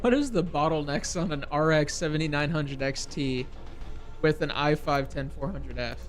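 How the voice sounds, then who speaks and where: A man's voice: fairly high pitch, moderate pace. A man bantering playfully with co-hosts while building a PC on a livestream, with faint music underneath. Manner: teasing, playful. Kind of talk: joking stream banter. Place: computer workshop.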